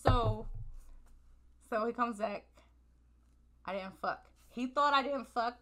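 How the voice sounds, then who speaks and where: A woman, co-hosting a podcast and telling a long, profane story in a loose, animated way. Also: on the high side, takes it slowly. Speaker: podcast co-host. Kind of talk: casual storytelling chat.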